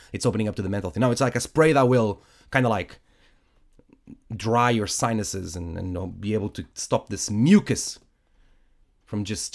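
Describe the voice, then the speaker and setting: A man's voice: lowish voice, darkish tone. A man whose first language is Portuguese, hosting a solo podcast in a casual, rambling chat with a stuffy nose from sinusitis. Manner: rambling, self-correcting, chatty with frequent fillers. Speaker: podcast host. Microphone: studio podcast microphone.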